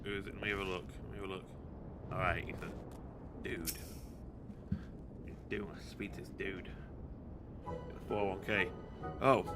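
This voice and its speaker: A man's voice: sits low, fairly even intonation, moderate pace, long pauses, over music. A man live-streaming a game, joking and rambling as he plays. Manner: jokey, rambling, self-correcting. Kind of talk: casual live-stream gaming commentary.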